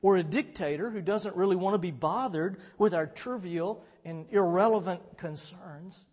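A man preaching a sermon in a relaxed, conversational way, now and then rising to shouts as he retells a story. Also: high-pitched, moderate pace. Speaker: pastor. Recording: long hall reverb.

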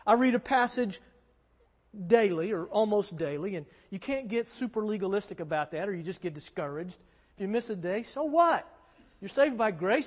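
A man preaching as a pastor, earnest and conversational, driving points home with emphatic repetition. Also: high voice. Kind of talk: sermon. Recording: long hall reverb.

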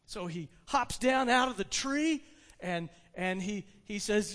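A man preaching a sermon, retelling a story with animated delivery and frequent restarts. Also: high-pitched, slow. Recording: long hall reverb.

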